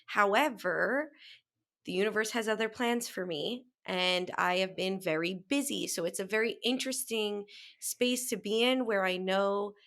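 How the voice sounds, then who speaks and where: A woman's voice: mid-range voice, normal speed, fairly bright tone. A woman co-hosting a casual spiritual podcast, bubbly and playful, acting out voices in her stories. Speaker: podcast co-host.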